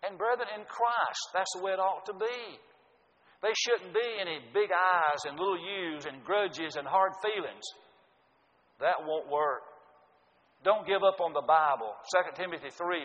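A man's voice: fairly high pitch, fairly bright tone. Preacher man echoing in a big hall. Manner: earnest, emphatic exhortation with scripture citations. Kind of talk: sermon. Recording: dull lo-fi audio with long hall reverb.

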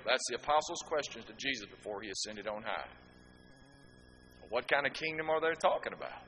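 A man's voice: medium pitch, sing-song, a little fast, pushed and bright, muffled recording. A man preaching a sermon to a congregation, asking rhetorical questions and throwing in asides to the listeners. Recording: echoey hall with faint background noise.

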